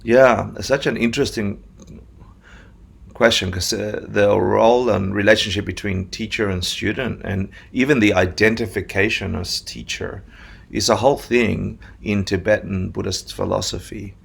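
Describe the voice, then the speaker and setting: A man from Argentina with a mixed Australian-Argentine accent, telling his story as a meditation teacher in a casual interview, animated and laughing often. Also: lowish voice, normal speed, vocal fry, husky. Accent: Australian-Argentine mix.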